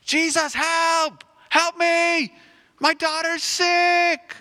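Man putting on a frantic high-voiced father. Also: fairly even intonation, normal speed, bright, forceful tone, full character voice. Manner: high, cries out in pleading. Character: frantic father begging for help.

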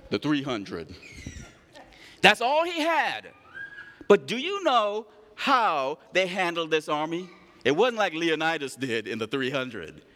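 Animated high-voiced male preacher. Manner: animated, calls for responses, acts out stories. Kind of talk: sermon. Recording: long hall reverb.

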